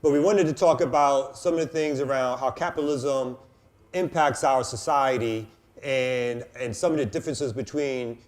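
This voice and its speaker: A man co-hosting a casual podcast chat, giving loud, hyped introductions and cursing freely. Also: mid-range voice, normal speed. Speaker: co-host.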